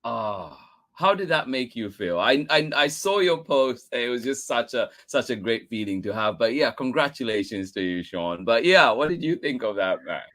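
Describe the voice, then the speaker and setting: A man's voice: mid-range voice, lively intonation, moderate pace, a bit bright. A man hosting a casual interview, encouraging and reacting to his guest. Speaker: host.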